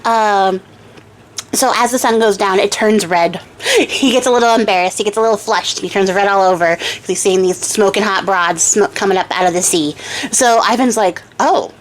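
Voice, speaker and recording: A woman's voice: mid-range voice, normal speed, slight background noise. A young woman hosting a craft channel, casually retelling a folktale in a chatty, giggly way with lots of fillers. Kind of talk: casual storytelling.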